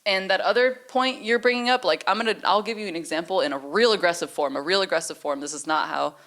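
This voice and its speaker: A woman's voice: lowish voice, fast talker, fairly bright tone. A woman co-hosting a relationship podcast, arguing her side in a heated, blunt way and swearing freely. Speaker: podcast co-host. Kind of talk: casual relationship debate.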